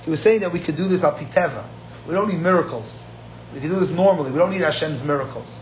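Male Talmud lecturer, somewhat high-pitched, energetic storyteller; dull lo-fi recording with faint background noise. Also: quick pace. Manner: lively storyteller mixing Aramaic quotes with plain English.

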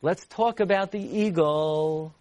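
A man giving a Torah class, animated and repeating lines for emphasis. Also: slow, no echo. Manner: animated, repeats for emphasis, rises high to act out voices. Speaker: Torah teacher.

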